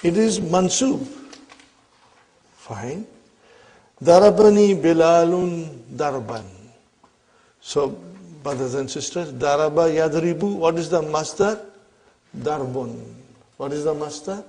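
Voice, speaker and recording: A man's voice: fairly high pitch, slow, pauses often, dark tone. A man teaching an Arabic grammar lesson. He explains step by step, repeats his questions and often checks "are you with me?".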